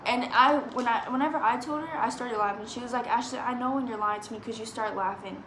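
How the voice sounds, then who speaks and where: A woman's voice: a little high, fast, a bit bright. A woman, chatting through a story and quoting people as she goes. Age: 20s. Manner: rambling, quotes people with "I was like". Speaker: vlogger. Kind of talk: storytime chat. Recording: echoey room with background noise.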